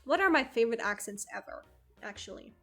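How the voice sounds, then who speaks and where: A young woman streaming, talking loosely and rambling as she corrects herself mid-thought and laughs often. Her voice sits a little high and sounds bright and clear on a desk mic, with soft music playing underneath. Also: lively intonation, brisk. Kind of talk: casual chat with live chat.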